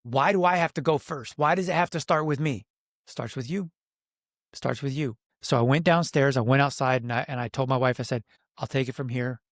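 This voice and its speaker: A man's voice: medium pitch, steady tone, fast talker, fairly bright tone, no echo, clean studio sound. A middle-aged man, a coach for men, telling a personal story on a podcast in an earnest, reflective way and acting out his own inner voice. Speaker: podcast guest, men's coach.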